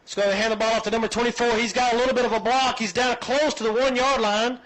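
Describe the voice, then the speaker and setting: A man calling high school football play-by-play in a folksy, chatty way. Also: fast, rough recording. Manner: folksy, chatty, excitable on big plays. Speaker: play-by-play announcer.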